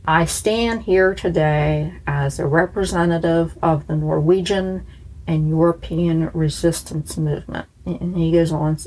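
A woman's voice: on the low side, darkish tone, poor audio. A woman from the United States telling a true crime story in a casual, chatty way, blunt and sarcastic.

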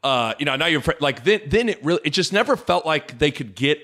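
A man hosting a casual sports podcast, animated and joking, with rambling asides. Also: a little high, a little fast. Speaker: podcast host.

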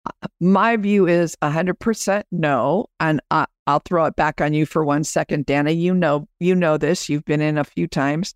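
A woman's voice: deep voice, moderate pace, clear, resonant tone, dry recording, studio quality. A woman podcast host and business coach, chatting as she explains her program and guides listeners through an exercise.

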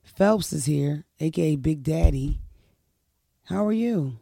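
A woman's voice: low-pitched, takes it slowly, creaky, breathy edge, dry recording, studio quality. Brash, profane woman hosting a podcast. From Philadelphia. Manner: loud, brash, animated, profane. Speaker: podcast host. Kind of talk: casual chat.

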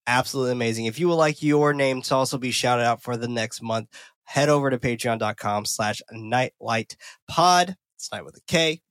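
A man hosts a horror movie podcast in a loose, energetic chat, swearing and laughing freely. His voice sits at a middling pitch. The recording is dry and close. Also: normal speed, clean tone, dry recording. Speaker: podcast host.

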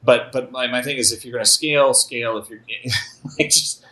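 Bright-toned reflective male guest. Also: medium pitch, fairly even intonation, normal speed, rough recording. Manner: reflective, tells anecdotes with frequent restarts. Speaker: podcast guest. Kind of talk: casual interview chat.

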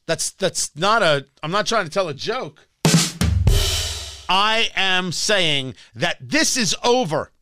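A man's voice: high voice, animated, slow, over music. A man hosting a talk radio show, delivering an emphatic, combative monologue into a studio microphone.

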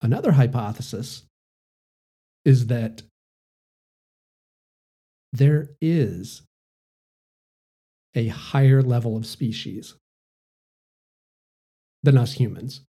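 A man's voice: mid-range voice, very slow, pauses often, mellow, breathy edge. A man hosting a solo podcast, talking in a casual, rambling way with many fillers. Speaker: podcast host.

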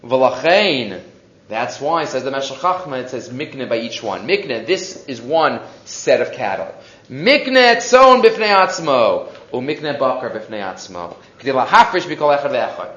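Lively male Torah teacher, rhetorical questions, echoey lo-fi room. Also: mid-range voice, moderate pace. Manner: mixes Hebrew and English, asks rhetorical questions. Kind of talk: animated Torah class. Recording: echoey, dull lo-fi classroom recording.

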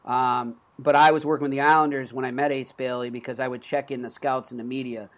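This Boston-accented sports podcast host, in his thirties, is a fast talker with a mid-range voice and a level tone. He rambles casually and keeps restarting his sentences.

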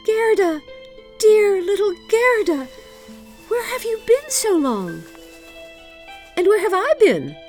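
A woman voicing a little boy who has just been freed from the ice, calling out high and loud. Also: big pitch swings, slow pace, long pauses, faint music behind, full character voice. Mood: anguished joy.

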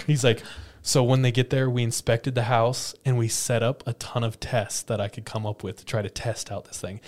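Male podcast host, mid-pitched, animated storyteller who laughs a lot and acts out quotes; casual chat.

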